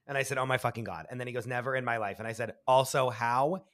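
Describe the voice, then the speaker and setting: A man co-hosting a podcast, giggly and expressive, retelling messages with big emphasis. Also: mid-range voice, fast talker. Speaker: podcast co-host. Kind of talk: casual chat.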